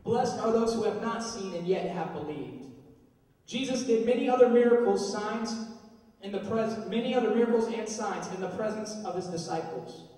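High-voiced preacher in an echoey hall. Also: male voice, normal speed, recorded from a distance. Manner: lively, casual preaching to young people. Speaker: youth pastor. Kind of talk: sermon.

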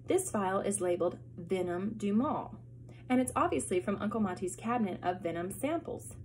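A woman reading as a calm clever girl. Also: medium pitch, moderate pace, slight background noise, close to an everyday voice. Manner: calm, composed.

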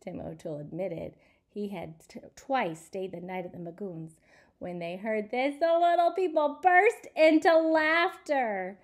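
A woman's voice: mid-range voice, measured pace. A woman reading a picture book aloud to children, asking them questions as she goes. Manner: asks listeners questions, animated.

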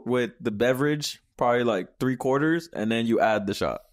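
A man's voice: medium pitch, moderate pace. A podcast co-host, a man, joking in casual chat and laughing often. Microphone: studio podcast mic.

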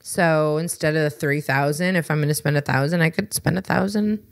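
A woman with a lowish voice tells a story on her podcast in a casual chat. She is animated and wry, and she acts out what each person said. The sound is close and dry, with no room echo. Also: a little fast, creaky. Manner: animated, acts out both sides of conversations; exasperated, wry. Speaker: podcast co-host.

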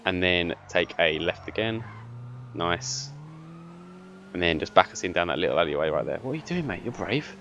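A young man hosting casual gameplay commentary. His voice sits fairly low but swings widely in pitch as he gets excited, laughs, and barks directions at his friend. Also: normal speed, muffled recording, slight background noise. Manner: excitable, bossy when giving directions, laughs often. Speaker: gaming channel host.

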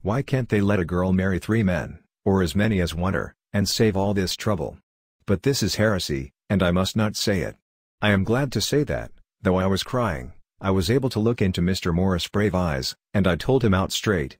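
A man reading an audiobook aloud in a steady, gentle storytelling manner. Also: sits low, normal speed, no echo, clean studio sound. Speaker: audiobook reader. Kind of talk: audiobook narration of a letter.

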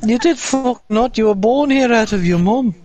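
A man with a notably high voice teases a friend in blunt, casual chat. He swears easily and sounds offhand. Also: moderate pace. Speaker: friend of the host.

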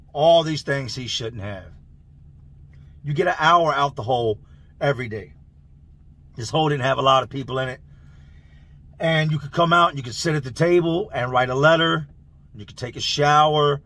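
Gravelly, husky man telling a story. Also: on the high side, moderate pace, long pauses. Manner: loose, slangy, animated, laughs through the tale. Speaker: channel host telling prison stories. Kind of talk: casual storytelling.

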